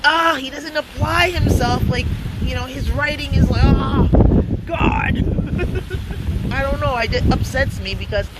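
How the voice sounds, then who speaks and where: A woman's voice: sits high, unhurried, heavy background noise. A woman telling a story in a casual vlog, chatty and slangy, laughing often. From United States. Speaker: vlogger.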